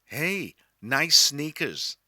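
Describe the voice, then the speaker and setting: A man voicing a friendly, chatty middle-aged American woman who speaks slowly and draws out her words. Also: on the high side, big pitch swings, sharp tone, dry recording, studio quality, heavily acted.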